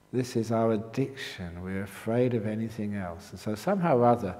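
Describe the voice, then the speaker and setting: An older man giving a meditation talk at a retreat, an animated storyteller whose voice jumps high for quoted outbursts. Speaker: meditation teacher. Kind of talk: dharma talk with humorous stories. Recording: reverberant hall.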